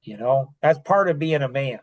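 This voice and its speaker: A man's voice: mid-range voice, animated, normal speed. An older man talking casually on a podcast, rambling and full of fillers and restarts. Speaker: podcast host.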